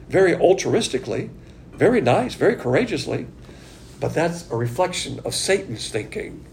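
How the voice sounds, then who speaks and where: Gravelly man teaching a Bible study. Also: fairly high pitch, darkish tone, slight background noise. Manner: emphatic, conversational, with rhetorical questions.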